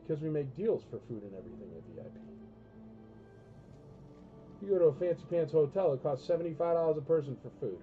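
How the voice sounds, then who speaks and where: A man's voice: fairly high pitch, lively intonation, fast, long pauses, narrow, tinny audio, faint music behind. A man hosting a live toy auction stream, blunt and joking, ranting between lots. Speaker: auction host.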